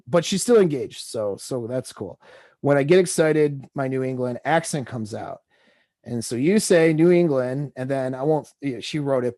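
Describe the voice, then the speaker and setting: A man with an average-pitched voice works through text exchanges as a dating coach, reading lines aloud and commenting in a loose, rambling way. The sound is close and dry, with almost no room around it. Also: darkish tone, dry recording. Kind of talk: casual commentary on text messages.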